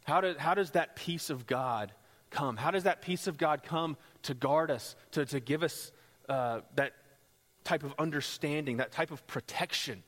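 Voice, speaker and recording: A man preaching a sermon as pastor, rising into loud, impassioned passages. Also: normal speed. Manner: builds to loud, high-pitched pleading passages. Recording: long hall reverb.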